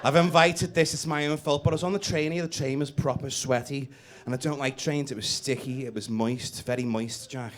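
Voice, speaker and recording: On a comedy club stage, a man in his late thirties with a Scouse accent does brash, crude stand-up and teasing crowd work. His mid-range voice is fairly even in intonation, fairly quick, with hardly any pauses. Loud audience laughter fills the live recording.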